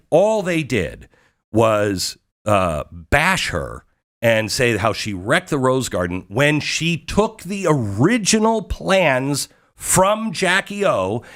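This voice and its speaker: A talk show host telling a story in an excited, emphatic way, with rhetorical questions to the audience. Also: male voice, on the high side. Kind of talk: monologue recounting a visit.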